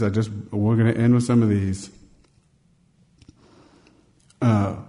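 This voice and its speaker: A man's voice: medium pitch, mellow. A man preaching a sermon in a conversational storytelling manner, acting out bits of dialogue and growing emphatic on key points.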